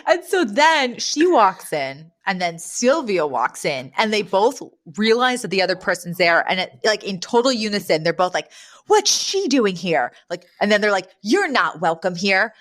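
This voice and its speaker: A woman's voice: mid-range voice, moderate pace, few pauses. A woman co-hosting a podcast, chatting casually and recapping a sitcom episode, laughing often and acting out the characters' lines. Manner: animated, laughs often, acts out quoted lines. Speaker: podcast co-host.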